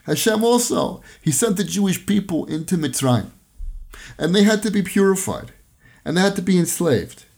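A man's voice: fairly high pitch, vocal fry, a little mellow. A man giving a Torah talk, telling parables in an earnest storytelling way and using Hebrew and Yiddish terms. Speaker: Torah teacher.

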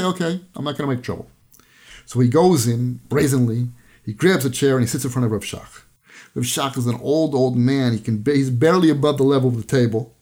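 A man's voice: medium pitch, darkish tone. A man giving a Torah talk, telling parables in an earnest storytelling way and using Hebrew and Yiddish terms. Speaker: Torah teacher.

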